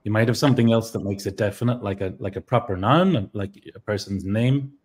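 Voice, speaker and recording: An Irish man with a somewhat low voice teaches language points in an easygoing two-person lesson. He thinks aloud, stopping and restarting his sentences with plenty of ums. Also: brisk, a little mellow. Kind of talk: explaining grammar in a relaxed two-person lesson.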